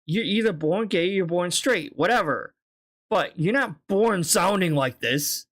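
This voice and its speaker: A man's voice: sits high, lively intonation, measured pace, a bit bright. A man streaming live, reacting to video clips with blunt, casual commentary full of swearing and apologies.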